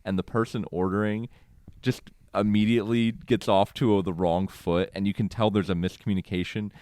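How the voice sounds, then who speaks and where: A man co-hosting a podcast, telling a story in animated casual chat and acting out quotes with frequent laughs. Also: fairly low pitch, a little fast, no room sound. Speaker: podcast co-host.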